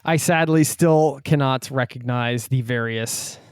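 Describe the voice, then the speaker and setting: Upbeat friendly American podcast host. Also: male voice, mid-range voice, a little slow, smooth, no echo, clean studio sound. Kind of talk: podcast intro and interview.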